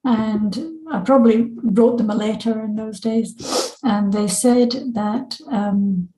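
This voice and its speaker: A woman's voice: medium pitch, slow pace, roomy sound, poor audio. A woman in her seventies from Scotland, a podcast guest telling a personal story and acting out what her family said. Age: 70s. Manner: animated, acts out family members' lines in raised voices.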